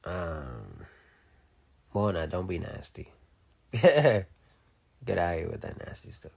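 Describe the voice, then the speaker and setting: A man's voice: low-pitched, sing-song, slow, creaky, a little mellow, slightly rough. A young man chatting casually on a phone live stream, joking, laughing often and reading comments, unable to roll his R's.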